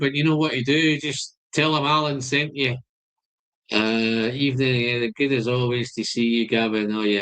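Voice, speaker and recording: A man's voice: medium pitch, a bit bright. A Scottish man hosting a live stream, chatting casually and greeting viewers by name. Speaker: whisky channel host.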